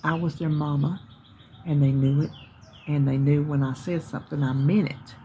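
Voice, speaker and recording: A woman's voice: sits low, steady tone, moderate pace, dark tone, muffled recording, a little hiss or hum. A middle-aged woman with a Southern US accent, chatting casually to her viewers in a rambling, folksy way, sitting outside in her yard. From North Carolina, US. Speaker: vlogger. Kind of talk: casual chat. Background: birds chirping.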